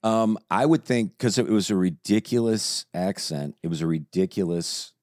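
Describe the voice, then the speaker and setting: A man's voice: sits low, a little mellow, dry recording, studio quality. A man co-hosting a casual group chat, who throws in short, emphatic opinions and asides. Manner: quick, emphatic recommendations and asides. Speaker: podcast co-host.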